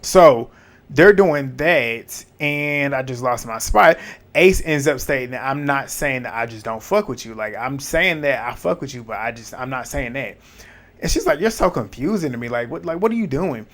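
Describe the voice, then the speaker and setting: A man talking through a reality-show recap in a relaxed, conversational way. His pitch sits in a middle range for a man. He retells scenes with animated quoted back-and-forth and throws in blunt asides. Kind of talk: casual recap commentary.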